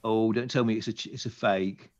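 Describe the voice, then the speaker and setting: A man's voice: on the low side, steady tone, brisk, lo-fi sound. A British man talking casually as a podcast co-host, chatty and enthusiastic, rambling a little as he goes. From Britain. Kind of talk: casual chat.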